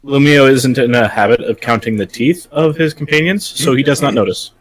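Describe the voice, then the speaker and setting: A man's voice: mid-range voice, fairly quick, a crowd in the background, low-quality recording. A man playing a tabletop game, speaking hesitantly with many fillers. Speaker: player.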